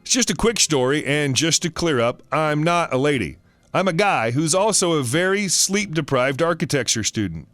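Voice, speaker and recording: A man's voice: on the high side, expressive, moderate pace, fairly bright tone, no room sound, soft background music. A man reading an online story aloud in a wry, sarcastic storytelling manner. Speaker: story narrator.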